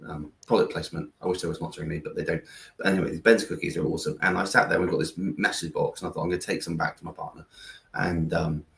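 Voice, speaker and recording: Casting: deep, gravelly man, chatty and rambling guest, echoey room. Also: steady tone, very fast. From England. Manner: rambling with many fillers and restarts. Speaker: guest, founder of a kindness platform. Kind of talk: conversational interview, storytelling.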